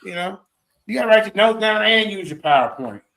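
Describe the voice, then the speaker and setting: A high-pitched man calls a debate for his viewers, boastful and full of slang. His voice is bright and forceful, and he talks in quick bursts. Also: expressive, creaky, poor audio. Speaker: debate commentator. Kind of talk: casual stream commentary.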